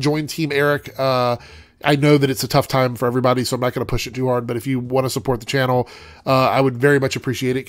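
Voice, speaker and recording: A man's voice: medium pitch, no room sound, studio quality. A young man with a congested voice giving a rambling, chatty TV episode review as host of his show. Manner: rambling, chatty, frequent ums.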